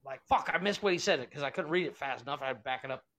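A man's voice: mid-range voice, expressive, racing, a bit bright. A man co-hosting a podcast in casual chat, rambling and swearing, often trailing off while he searches for names. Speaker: podcast co-host.

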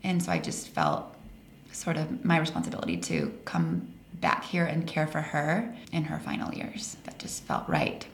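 As a guest in a casual storytelling interview, a Colorado woman in her forties shares personal stories animatedly, laughing through them at normal speed. Her lowish voice carries plenty of gravel, and the recording has a roomy echo with faint hiss in the background.

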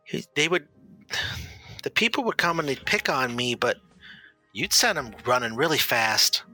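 A man voicing a childlike, earnest young man patient who talks simply and haltingly. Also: mid-range voice, big pitch swings, pushed and bright, faint music behind, heavily acted.

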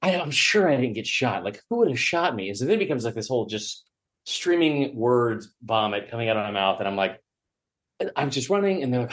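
A man's voice: mid-range voice, lively intonation, fast talker. Rambling man telling a wild story. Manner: rambling, self-mocking, profane. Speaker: podcast guest. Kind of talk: storytelling in casual chat.

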